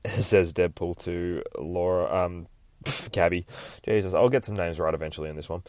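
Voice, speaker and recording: A man's voice: deep voice, unhurried, a little mellow, no echo, clean studio sound. A man casually recapping a comic on a podcast, sweary and laughing as he talks. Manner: sweary, laughs while talking. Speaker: comic book podcast host.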